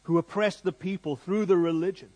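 A middle-aged man preaching a sermon in a jokey, conversational, lively way. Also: sits high, brisk.

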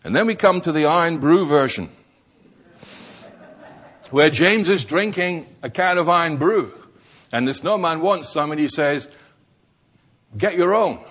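A man's voice: on the high side, animated, a bit bright. Emphatic male preacher. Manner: emphatic, with rhetorical questions and drawn-out key words. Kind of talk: sermon.

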